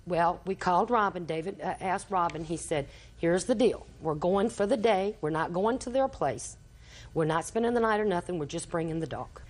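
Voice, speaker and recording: A woman's voice: fairly low pitch, darkish tone. An older woman giving courtroom testimony, telling a long story and acting out the quoted dialogue. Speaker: litigant in small claims court.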